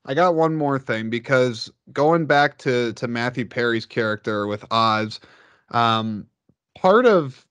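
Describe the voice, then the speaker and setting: A man talks casually on a podcast, his voice sitting in an ordinary middle register. He tells his stories in an animated way, often jumping up in pitch. The sound is close and dry, with no room echo. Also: slow, smooth. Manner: animated storyteller who jumps up in pitch.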